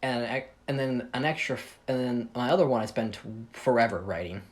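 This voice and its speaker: A man's voice: medium pitch, brisk. A man casually reading his own fan story aloud, rambling, interrupting himself and cracking jokes, his voice a bit tired. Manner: rambling, self-interrupting, jokey. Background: video game playing.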